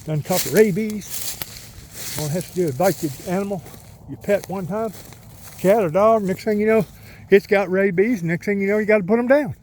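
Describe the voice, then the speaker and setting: Middle-aged man, rambling country storyteller, voice a bit high, vlogging outside. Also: normal speed, a little mellow, slight background noise. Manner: rambling folksy storytelling, talks to his dog. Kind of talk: casual outdoor vlog. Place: outdoors in the countryside by a pond.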